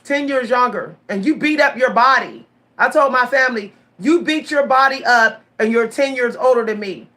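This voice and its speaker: A woman in her forties telling stories straight to her viewers in a casual vlog, animated, repeating her words and laughing often. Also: a little high, normal speed. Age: 40s. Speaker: vlogger.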